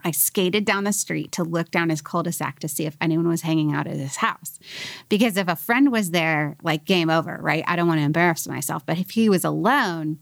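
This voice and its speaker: A woman in her forties, a podcast guest, telling her life story in an animated, laughing way and acting out the voices she quotes. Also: deep voice, a little fast, creaky, dry recording. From California. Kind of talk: casual storytelling interview.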